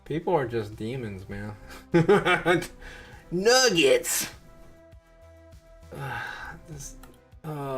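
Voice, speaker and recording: Host, male, slightly higher-pitched voice, casual rambling chart commentary with wry asides, faint music under him. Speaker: crypto show host.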